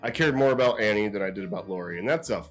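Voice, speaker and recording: A man's voice: fairly low pitch, animated, very fast, music in the background. A man co-hosting a casual film discussion, who talks bluntly and rants with lots of swearing. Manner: blunt, profane, ranting. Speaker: podcast co-host.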